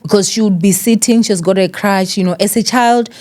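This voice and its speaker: A woman in her thirties hosting a sit-down interview, gently encouraging her guest and opening up about her own past. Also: mid-range voice, fairly even intonation, moderate pace, few pauses. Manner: gentle, frequent murmured encouragement. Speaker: interview host.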